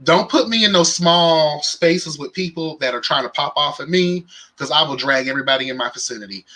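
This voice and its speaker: Sassy bright-voiced male recap host. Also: a little high, fairly quick, poor audio. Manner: sassy, campy, animated with slang and exclamations. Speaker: reality show recap host. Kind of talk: casual live-stream commentary.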